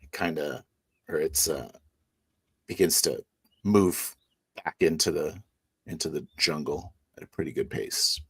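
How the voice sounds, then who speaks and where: A game master narrates a tabletop scene in a deep, unhurried voice. He halts often, restarting lines and filling gaps. The sound is close and dry. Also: creaky, slightly rough, no room sound. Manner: halting, many fillers and restarts.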